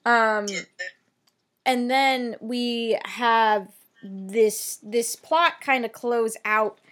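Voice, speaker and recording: A woman co-hosting a casual TV recap podcast, talking in an animated way with frequent swearing and filler words. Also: a little high, extremely slow. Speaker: podcast co-host.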